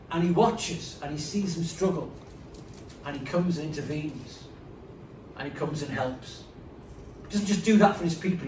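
A man's voice: a little high, far from the mic, slight background noise. A man preaching a sermon, conversational and emphatic, with frequent asides. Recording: roomy, from off-mic, faint ambience.

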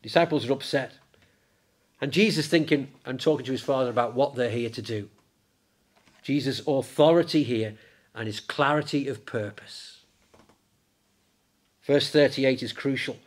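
A man preaching a sermon in church, lively and conversational, raising his voice when he acts out the disciples. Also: mid-range voice, moderate pace, long pauses. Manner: animated, acts out the disciples in a raised voice.

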